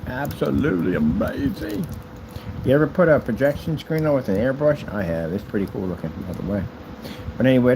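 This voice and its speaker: A man's voice: mid-range voice, noisy background. A man casually walking through his custom PC wiring, chatty and boastful, with playful asides. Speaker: maker showing a custom PC build. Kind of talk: casual tutorial vlog.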